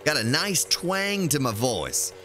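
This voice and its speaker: A man's voice: a little high, sing-song, slow pace, pushed and bright, a little hiss or hum. A man streaming a game, chatting casually and thinking aloud as he plays. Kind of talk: casual gameplay commentary.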